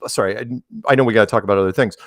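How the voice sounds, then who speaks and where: A man's voice: fairly low pitch, rapid-fire, no echo, clean studio sound. An American man as an interview guest in a casual podcast chat, telling stories and acting out quoted voices. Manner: animated storyteller, acts out quoted voices.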